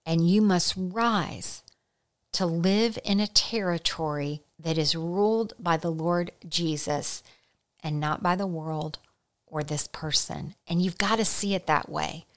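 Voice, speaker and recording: A middle-aged woman giving an earnest, conversational Christian teaching, slowing down to stress key points. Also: lowish voice. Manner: earnest, slows down for emphasis. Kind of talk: conversational sermon.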